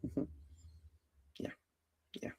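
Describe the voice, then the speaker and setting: A man's voice: drawn-out words, mellow, no echo, in a whisper, clean studio sound. A man hosting a casual live-stream chat, rambling with many fillers and restarts. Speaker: host.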